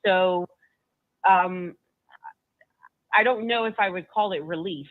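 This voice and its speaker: A woman guest retells a personal story in an emotional, halting way, stumbling over and repeating her words. Her voice comes through a narrow, tinny line that sounds like a phone call. The sound is dry, with no room echo. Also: on the low side.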